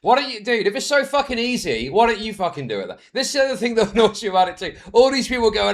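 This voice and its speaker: A man's voice: high-pitched, sing-song, fast, few pauses. A man ranting as a streamer reacting to clips, heated, sweary and exasperated.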